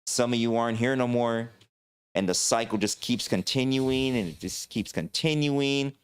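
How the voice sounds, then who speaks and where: A man's voice: medium pitch, normal speed, clean tone. Impassioned male livestream host. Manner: impassioned ranting with many "you know"s. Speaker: talk show host. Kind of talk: casual livestream talk.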